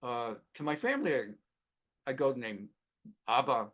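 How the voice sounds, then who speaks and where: A man's voice: mid-range voice, big pitch swings, normal speed, a bit bright. A middle-aged man teaching a Bible class as a rabbi, talking conversationally and acting out little quoted exchanges between people. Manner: conversational, acts out quoted exchanges, many fillers. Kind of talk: lively classroom lecture.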